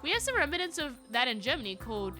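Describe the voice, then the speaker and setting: A woman streaming a story game live, reading its text aloud and joking with her chat in an animated way. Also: high-pitched, fast, soft background music. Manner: animated, jokey, talks to chat.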